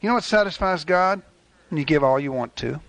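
Older male preacher, folksy conversational sermon, fairly high pitch, dry sound. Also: animated, a little fast, fairly bright tone, no echo. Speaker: pastor.

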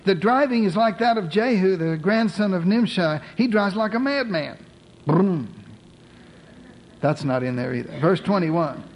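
Male preacher, high-pitched, lively storytelling sermon with jokes. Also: a little slow, slight background noise, poor audio. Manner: storytelling with humorous modern asides.

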